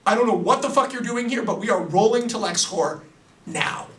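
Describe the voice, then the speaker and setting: A man's voice: high voice, animated, normal speed, reverberant. A man voicing a blunt, casual young male superhero who swears freely.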